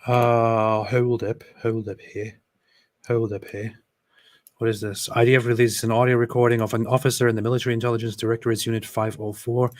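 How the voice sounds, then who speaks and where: A man co-hosting a livestream, chatting casually about the clips he is watching, with flat, dry sarcastic asides. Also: lowish voice. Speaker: livestream co-host. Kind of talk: casual livestream reaction chat.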